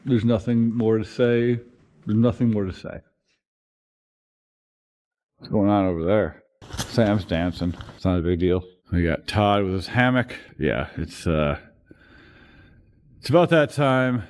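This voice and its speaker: A man's voice: on the low side, a little mellow. A young man vlogging a winter camping trip in a cold farm building, joking and rambling with lots of fillers into a handheld camera. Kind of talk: casual camping vlog.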